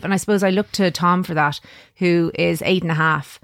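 A woman's voice: deep voice, quick pace, no echo, clean studio sound. A woman with an Irish accent, co-hosting a radio talk show in casual chat. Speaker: radio co-host.

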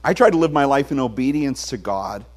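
A man's voice: mid-range voice, brisk. A pastor in his forties preaching a sermon to his congregation, telling stories with humor. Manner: animated storytelling with humor. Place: church sanctuary.

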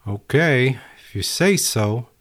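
A man's voice: medium pitch, expressive, takes it slowly, fairly bright tone, voice pushed up. A man voicing an easygoing neighbor who offers a ride to safety. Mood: friendly. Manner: easygoing, helpful. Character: friendly adult male neighbor offering a ride.

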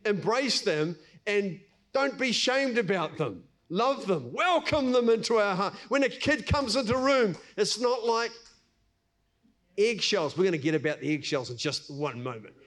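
A middle-aged pastor, preaching in a conversational way and acting out everyday scenes. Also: male voice, high voice, animated, moderate pace, a bit bright. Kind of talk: sermon.

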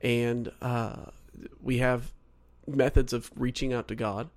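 A man co-hosts a podcast and works through his points carefully, often rephrasing himself. His voice has an ordinary middle pitch. He speaks in an easy, conversational way. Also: fairly even intonation. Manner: measured, reasons step by step, rephrasing himself. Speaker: podcast co-host. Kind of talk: casual podcast discussion.

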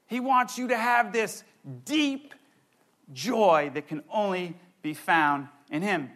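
A young man preaching a sermon, excitable and animated, with playful asides. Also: high voice, slow pace. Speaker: pastor.

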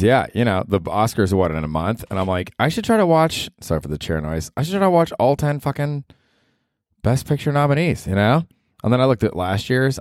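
Low-voiced profane young man podcasting. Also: a little mellow, no room sound, clean studio sound. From United States. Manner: rambling, profane, self-deprecating, laughs often. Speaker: podcast host. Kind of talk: casual solo podcast monologue. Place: small apartment.

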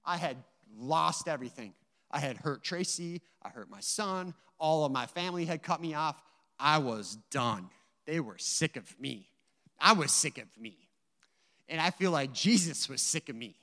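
A man's voice: a little high, normal speed, fairly bright tone, in a large hall. A man giving an earnest, emotional personal testimony to a church audience, telling his story with many asides. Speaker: guest speaker giving a testimony.

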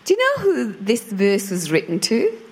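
A middle-aged woman preaching to a church congregation, chatty and animated as she tells a personal story. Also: fairly high pitch, normal speed, husky. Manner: conversational, animated storytelling with acted quotes. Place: church hall before a congregation.

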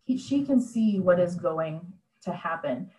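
A woman's voice: fairly low pitch, animated, unhurried, warm tone, reverberant, rough recording. A woman preaching a conversational sermon over a video call, retelling a story in a plain-spoken, reflective way.

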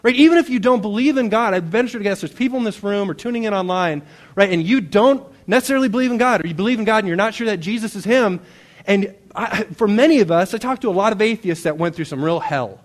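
A man preaching a sermon to a congregation in a conversational, animated way, often checking in with "right?". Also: sits high, fast talker. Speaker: pastor. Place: church hall before a congregation.

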